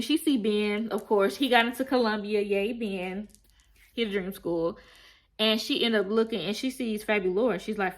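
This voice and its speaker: A young woman vlogger giving a casual, chatty recap of a TV episode, acting out quoted lines and addressing viewers directly. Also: medium pitch. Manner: chatty storytelling, acts out quoted lines, talks straight to viewers. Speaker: TV review vlogger.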